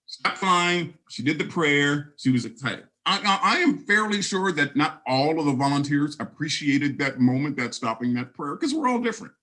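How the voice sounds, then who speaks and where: Animated man giving a keynote, lively pitch. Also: moderate pace, hardly any pauses, poor audio. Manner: animated storyteller, speaks straight to the audience. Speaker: keynote speaker. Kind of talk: conference keynote storytelling.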